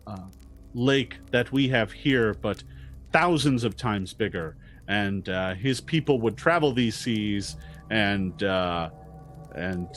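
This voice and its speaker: A man narrating as game master of a tabletop game, halting and full of restarts. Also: lowish voice. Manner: hesitant, full of fillers and restarts.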